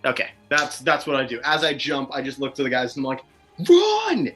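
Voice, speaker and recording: A man's voice: mid-range voice, little pitch movement, fast talker, pushed and bright, soft background music. A man playing a tabletop game, chatting casually, joking and swearing. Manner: profane, joking. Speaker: player.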